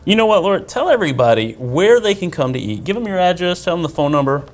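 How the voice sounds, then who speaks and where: A man's voice: on the high side, big pitch swings, fast talker. A man hosting a casual on-location interview in a restaurant, upbeat and promotional. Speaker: host. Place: restaurant, indoors.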